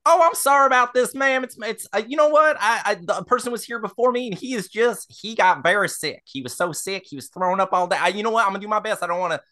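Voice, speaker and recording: A man playing a nervous, eager-to-please carriage driver in a tabletop game, pitched up high and rambling through his apologies. The voice is bright and forceful, the words tumbling over each other. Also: animated, quick pace, few pauses. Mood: flustered, apologetic. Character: flustered, overly polite male stand-in carriage driver.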